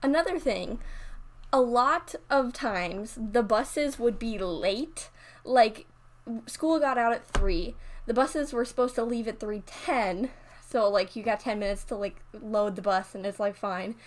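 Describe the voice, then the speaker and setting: Casting: teen girl YouTuber, slightly high voice, loose rambling storytime delivery. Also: a little slow. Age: teens. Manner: rambling, full of "like" and restarts. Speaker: YouTuber narrating over a speed build. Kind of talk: casual storytime chat.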